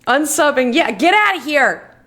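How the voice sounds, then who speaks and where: A woman streamer chatting casually while playing a game, animated and swearing, laughing often. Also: sits high, normal speed, soft background music. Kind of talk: casual let's-play chat.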